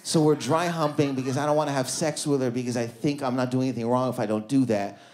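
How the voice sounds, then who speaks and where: A man's voice: mid-range voice, fairly even intonation, quick pace, darkish tone. A man doing a stand-up comedy set on a club stage, telling a casual story and acting out the people in it. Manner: storytelling, casual, acts out voices of people in stories. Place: comedy club stage before a live audience.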